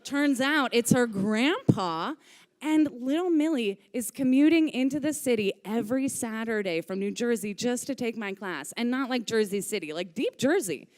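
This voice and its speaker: A woman telling a personal story live on stage into a microphone, candid and lively, swearing casually. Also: on the high side, moderate pace. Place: stage of a live music venue.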